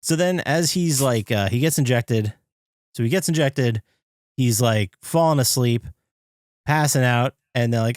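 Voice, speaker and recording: A man co-hosting a podcast, retelling a movie scene by scene and jumping into high, excited impressions of the characters. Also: a little slow, no echo, studio quality. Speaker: podcast co-host. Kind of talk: casual movie recap chat.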